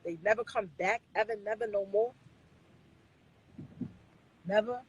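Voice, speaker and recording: A woman's voice: medium pitch, a little slow, lo-fi sound, slight background noise. A woman on a live stream scolding her viewers in a blunt, profane rant, repeating phrases for emphasis. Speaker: livestreamer talking to viewers.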